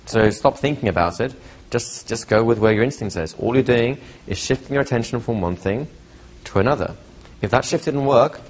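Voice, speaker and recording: A man teaching a live hypnosis workshop, telling stories with lively acted-out quotes. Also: lowish voice. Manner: lively storytelling, acts out quotes. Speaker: hypnosis trainer. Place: training seminar room.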